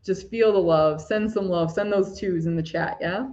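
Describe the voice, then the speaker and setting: A woman hosting a live spiritual talk for chat viewers, soft-spoken and gushing, often breaking into laughs. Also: lowish voice, moderate pace, dull audio. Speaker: spiritual livestream host.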